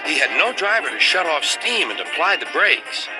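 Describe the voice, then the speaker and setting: An older man narrating a children's story in a wry, expressive storytelling manner. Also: a little high, moderate pace, low-quality recording. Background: loud music.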